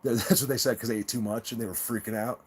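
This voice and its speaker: A man hosts a live stream in a quick, mid-range, slightly mellow voice with a breathy edge and fairly even intonation. He chats casually with viewers, rambling in a stop-start way with many restarts, stammered repeats, and laughter at his own stories.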